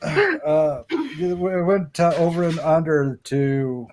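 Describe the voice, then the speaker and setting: A man, a guest on a casual live-stream chat, joking in lively banter. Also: a little high, takes it slowly, vocal fry, slight background noise.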